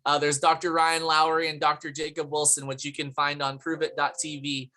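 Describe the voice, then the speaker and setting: A woman's voice: sits low, little pitch movement, fairly quick, sharp tone. A woman hosting a live product presentation on a video call, chatty and laughing often, greeting viewers from the chat by name. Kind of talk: upbeat live presentation with chat shout-outs. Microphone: computer mic on a video call.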